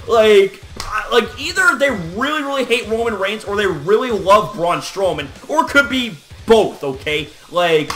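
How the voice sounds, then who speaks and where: An excitable man vlogging a wrestling recap, his high voice swinging up and down as he swears and says "like" constantly. His tone is bright and forceful, with faint music under him. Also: normal speed. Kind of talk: casual recap commentary.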